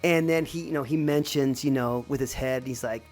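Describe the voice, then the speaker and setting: Low-voiced woman telling a personal story. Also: moderate pace, darkish tone, soft background music. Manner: reflective, rambling, with many restarts.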